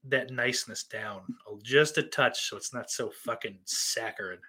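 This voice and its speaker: A man's voice: mid-range voice, moderate pace, bright, forceful tone, breathy edge. A man hosting a podcast, reading out listener questions in a rambling, profane and sardonic way. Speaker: podcast host.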